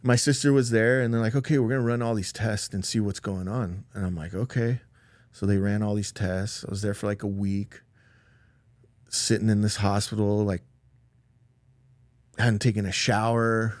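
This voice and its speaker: A man's voice: fairly low pitch, fairly even intonation, normal speed, dry recording. A middle-aged man, a podcast guest, telling a personal story in a casual, rambling way full of "like" and with emotional swings.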